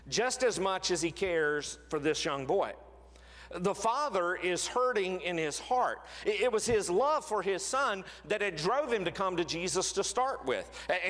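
A man preaching a sermon as pastor, earnest, slowing and dropping his voice on key phrases. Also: high voice, a bit bright. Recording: long reverb of a large hall.

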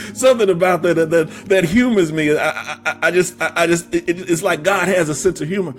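Male preacher, high voice, emphatic and repetitive, climbs to shouting, faint music under him. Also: measured pace, pauses often. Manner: humorous storytelling with stammered restarts. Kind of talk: sermon.

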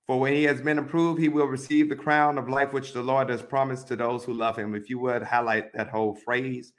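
A man teaching a Bible study, reading verses aloud and methodically telling listeners which words to underline and highlight. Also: flat delivery. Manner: methodical, repeats instructions to mark the text; reads scripture aloud then pauses to direct.

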